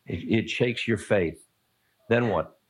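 Slow and husky, a lowish male voice comes through with no room sound. He's a spiritual teacher in his sixties giving a live dharma talk in a lecture room, fielding audience questions playfully and searchingly, with chuckles and asides.

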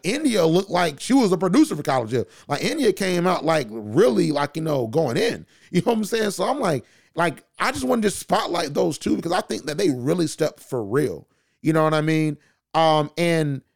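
A man hosting a podcast, giving an animated casual recap of a TV show, often restarting his sentences. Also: a little high, vocal fry. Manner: animated, frequent restarts and "you know what I'm saying". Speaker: podcast host reviewing a TV show. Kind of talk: casual solo commentary.

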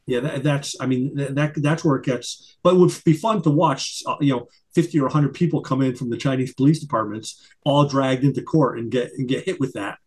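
Speaking a little fast with hardly any pauses, this middle-aged interview guest has a medium-pitched voice that's slightly mellow and husky. He's a retired investigator and attorney who talks emphatically in a conversational interview, often stumbling and restarting.

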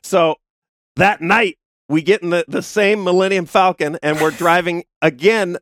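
High-voiced man telling a wild story. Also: measured pace, no echo, clean studio sound. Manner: animated storyteller, acts out quoted people with sudden high yelps; profane, laughs through his own stories. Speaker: podcast co-host. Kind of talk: casual storytelling chat.

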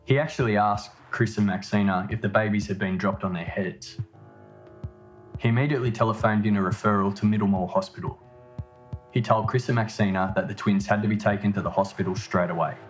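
A man reading a scripted narration in a measured, matter-of-fact way. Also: lowish voice. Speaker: podcast narrator.

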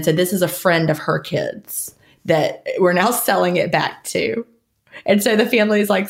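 A woman co-hosting a podcast in casual chat, rambling and laughing often as she talks. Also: lowish voice. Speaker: podcast co-host.

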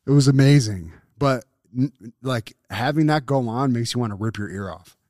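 A man's voice: mid-range voice, moderate pace, a little mellow, no echo, clean studio sound. A man co-hosting a podcast, chatting in a blunt, laid-back way and swearing. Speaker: podcast co-host. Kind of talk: casual podcast chat.

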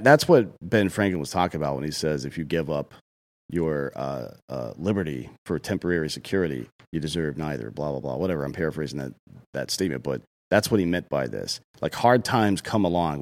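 Low-voiced guy on a podcast, blunt and heated, swears a lot. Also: expressive, a little fast. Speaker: podcast co-host. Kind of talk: casual profane opinion talk.

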